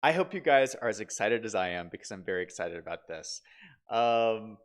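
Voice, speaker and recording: Casting: male game streamer, a bit stuffy from a cold, excitable, lively up-and-down delivery. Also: fairly low pitch, brisk. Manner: chatty, excitable, repeats himself. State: congested from a cold. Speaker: streamer host. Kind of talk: casual live-stream chat.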